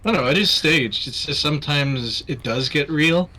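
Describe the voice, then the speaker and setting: A man's voice: a little high, moderate pace, pushed and bright, slight background noise. A man hosting a charity stream, chatting casually while gaming, rambling and swearing as he gets heated about wrestling.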